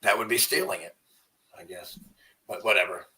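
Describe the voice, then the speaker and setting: A man's voice: on the low side, normal speed, pushed and bright, far from the mic, poor audio. A man hosting a livestream in a rambling, profane way, often trailing off into mumbles. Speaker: livestream host. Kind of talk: casual livestream rant.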